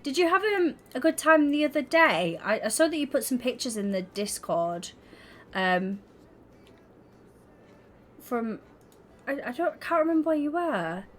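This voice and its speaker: A woman's voice: high-pitched, sing-song, a little slow, long pauses, a little hiss or hum. A young woman streaming, chatting casually and giggling as she talks to her viewers. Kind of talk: casual livestream chat while gaming.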